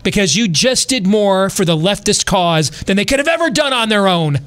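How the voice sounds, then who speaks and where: Impassioned male podcast host, slightly high voice. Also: a bit bright. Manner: impassioned, preachy, rhetorical questions. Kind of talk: political commentary monologue.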